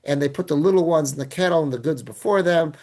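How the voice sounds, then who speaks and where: A man teaching as a rabbi, reading Hebrew verses and then retelling them in casual, animated English. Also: on the high side, quick pace. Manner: animated storytelling. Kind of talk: Torah class.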